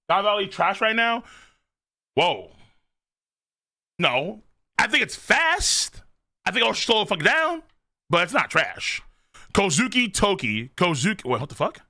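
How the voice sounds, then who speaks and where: A man reacting live to a manga chapter on stream, excitable and profane, reading lines aloud and shouting at big moments. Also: sits high, no echo, studio quality.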